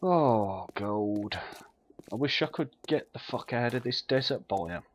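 Slow-talking, swearing gamer. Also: male voice, medium pitch, expressive, a little hiss or hum. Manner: swears freely, mutters to himself. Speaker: let's play gamer. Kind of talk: casual gameplay commentary.

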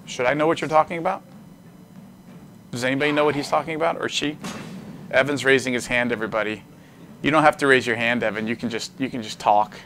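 A man hosting a livestream, casually commenting on his card game as he plays, animated and joking while he thinks aloud. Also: medium pitch, fast, pauses often, slight background noise. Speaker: host.

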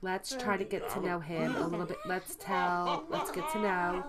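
A woman hosting a let's play video, excitably commenting on the game and exclaiming at surprises. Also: on the low side, moderate pace, few pauses, over a noisy crowd. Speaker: gaming video host.

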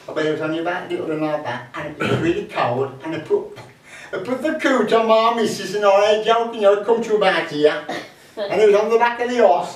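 A man at a folk club telling rambling comic anecdotes, chatty and jokey with lots of fillers. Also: a little high. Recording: echoey room, mic from far off.

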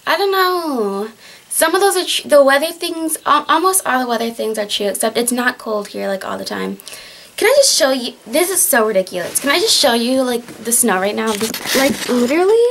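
A woman's voice: fairly high pitch, animated, normal speed, creaky, fairly bright tone, a little hiss or hum. A teenage girl from Michigan with a Michigan accent, chatting at home in a casual vlog, exasperated and full of fillers and restarts. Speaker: vlogger on a group channel. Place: at home, in winter.

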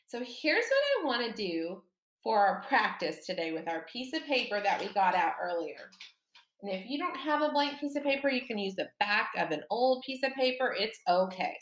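A woman teaching a second-grade lesson, slowly and encouragingly, stressing words for young children. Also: fairly high pitch, reverberant. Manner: slow, animated, encouraging, exaggerated emphasis for children.

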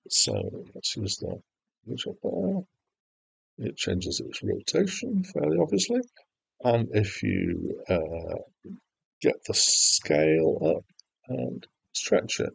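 A man's voice: on the low side, vocal fry, slightly rough, dry recording, rough recording. A man teaching game development over a screen recording, chatty and self-deprecating, with frequent filler words. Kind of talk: screen-recorded software tutorial.

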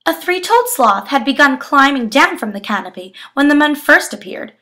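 A young woman reading a children's picture book aloud with expressive storytelling. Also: high voice, normal speed, few pauses. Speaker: education student.

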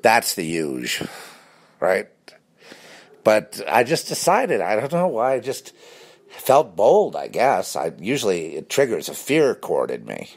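Man, lowish voice, lively pitch, rambling casual monologue full of restarts. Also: slow, breathy edge. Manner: rambling and animated, with many restarts.

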